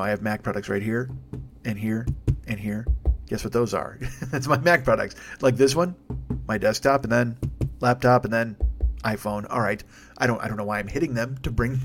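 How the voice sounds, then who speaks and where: Male solo podcaster, rapid-fire rant, sarcastic, foul-mouthed, rambling. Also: medium pitch, a little hiss or hum. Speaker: podcast host. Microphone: desk microphone.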